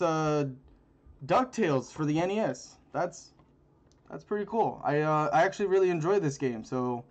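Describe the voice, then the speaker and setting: A man rambling through a casual card-opening video with crude jokes and lots of fillers, recorded on a phone. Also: on the high side. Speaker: channel host.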